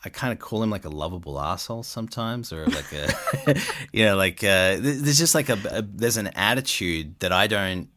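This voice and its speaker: A man's voice: fairly low pitch, animated, normal speed, sharp tone. A middle-aged Australian man talking in a casual podcast interview, chatty and rambling, with many fillers and restarts. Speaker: voice actor guest.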